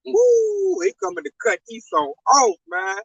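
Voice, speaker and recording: A man's voice: extremely high pitch, sing-song, fairly quick, vocal fry, bright, forceful tone, dry recording, far from the mic, dull audio. A man in fervent religious talk full of slang, preaching animatedly and often saying "man". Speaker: religious commentator.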